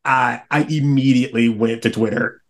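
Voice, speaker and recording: Male guest, animated and opinionated, mid-pitched, casual podcast talk. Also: normal speed. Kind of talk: casual roundtable chat.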